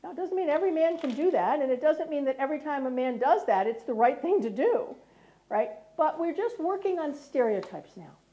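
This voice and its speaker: Lively high-voiced American woman lecturing. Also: brisk. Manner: lively, checks in with "right?" often. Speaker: speaker. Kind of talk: lecture talk.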